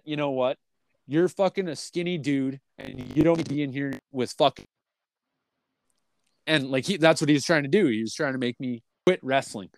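A man's voice: a little high, no room sound. A man telling a long story in casual podcast talk, rambling and swearing constantly, with many fillers and restarts. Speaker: podcast host.

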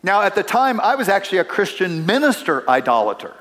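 Middle-aged male pastor, conversational storytelling sermon, fairly high voice, church sanctuary with long reverb. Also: very animated, a little fast, a bit bright. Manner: conversational, storytelling with asides to the congregation.

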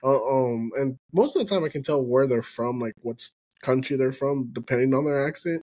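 A man's voice: mid-range voice, fairly quick, darkish tone. A man hosting a podcast, a Spanish speaker, chatting casually with his guest, encouraging her and laughing often. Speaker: podcast host. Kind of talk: casual interview chat.

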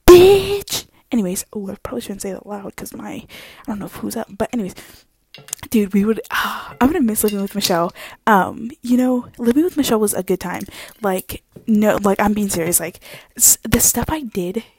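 A woman's voice: mid-range voice, a little fast, darkish tone, slightly rough. A young woman hosting a podcast, chatting casually in a rambling way while moving around her kitchen, on a wired headphone mic. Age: young adult. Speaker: podcast host. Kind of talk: casual chat. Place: at home in a kitchen.

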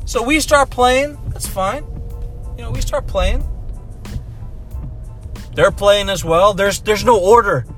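A man telling a story in casual chat, animated and repeating himself for emphasis. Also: sits high, slow, long pauses, soft background music.

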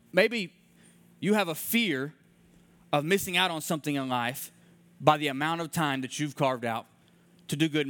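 A man's voice: a little high, fairly bright tone, no room sound. A man in his thirties preaching a conversational sermon in a church room, earnest and repeating his key phrases, telling stories from his own life. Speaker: pastor.

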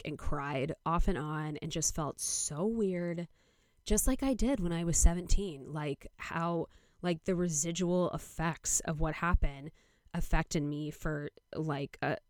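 With a low, slightly slow voice, a young woman podcast host rambles through a lengthy story in a casual monologue. She says "like" constantly and quotes what others said, and the studio-quality recording has no room sound.

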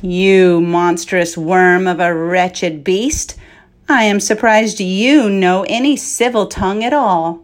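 A woman voicing a huge, wicked, boastful male dragon in a storybook, speaking in a slow, sneering, menacing way. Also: medium pitch, fairly even intonation, close to an everyday voice.

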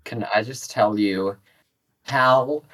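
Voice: medium pitch, slow, fairly bright tone, rough recording. A podcast co-host in casual chat, reading out film reviews, giggling often and trailing off with fillers.

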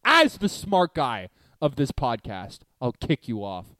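A man's voice: mid-range voice, huge pitch swings, a little slow, pushed and bright, dry recording. A young man co-hosting a podcast in casual chat, joking and rambling and laughing often. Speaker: podcast co-host.

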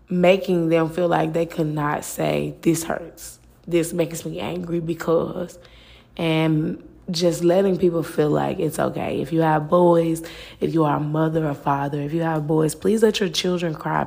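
A woman's voice: sits low, vocal fry. A woman hosting a faith-based talk podcast, speaking earnestly and casually, repeating phrases and filling with "like". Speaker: podcast host.

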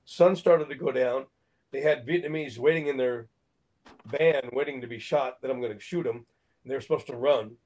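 Older guy, lively storyteller who acts out every quote, plain mid-pitched voice. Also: moderate pace, low-quality recording. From Phoenix, Arizona, USA. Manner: animated, acts out quotes, laughs between lines. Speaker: actor and guest. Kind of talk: anecdotal storytelling in an interview.

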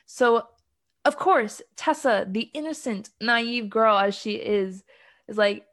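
A woman's voice: on the high side, very animated, a little slow, fairly bright tone. A woman co-hosting a casual chat, recapping a film plot with frequent ums and laughs. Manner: laughs often, many ums. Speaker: podcast co-host.

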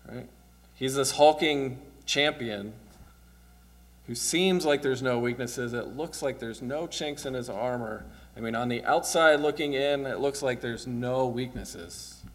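A male pastor gives a conversational sermon, talking casually with his congregation in an ordinary middle-pitched voice. He often checks in with a quick "right?" and lets small chuckles slip in.

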